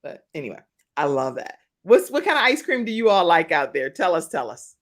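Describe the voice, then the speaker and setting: Chatty woman host with lively pitch. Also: brisk. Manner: chatty, laughing, reads viewer comments aloud. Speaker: talk show host. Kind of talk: live-stream talk show chat.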